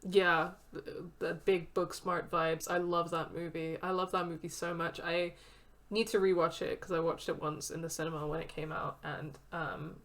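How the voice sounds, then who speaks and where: A woman's voice: fairly low pitch, level tone, moderate pace, fairly bright tone. A woman streamer giving frank, chatty commentary while playing a story game. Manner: chatty, frank, swears casually. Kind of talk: casual let's play commentary.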